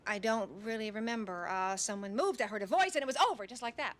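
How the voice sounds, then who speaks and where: An actress playing a woman on trial for murder, answering evasively and haltingly in a TV movie courtroom drama. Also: a little high, natural voice. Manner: hesitant, defensive, halting. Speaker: defendant.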